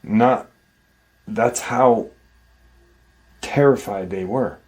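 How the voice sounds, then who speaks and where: This time the host's voice sits on the low side, a little mellow and very slow. He meanders through an encounter story for his paranormal channel, leaning heavily on "like" and "you know."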